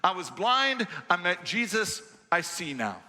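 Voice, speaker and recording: A man's voice: sits high, sing-song, a little slow, sharp tone, big-room sound, full character voice. A man voicing a formerly blind man who is defiant and sarcastic, talking in an emphatic, insistent way. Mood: earnest.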